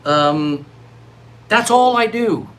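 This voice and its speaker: A middle-aged man vlogging live in a rambling monologue, swinging from loud, excited outbursts to low mutters. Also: drawn-out words, poor audio. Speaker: livestreaming vlogger.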